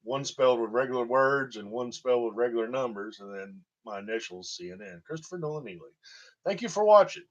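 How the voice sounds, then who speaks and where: Brisk and animated, a Tennessee man's medium-pitched voice carries his rambling comic stories as he laughs at his own jokes. He's a storytelling vlogger, recorded in dull lo-fi.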